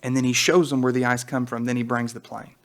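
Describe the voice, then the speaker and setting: A man's voice: medium pitch, flat delivery, fast talker. A man co-hosting a Bible teaching podcast, talking in an earnest, exhorting way that rises to emphatic peaks.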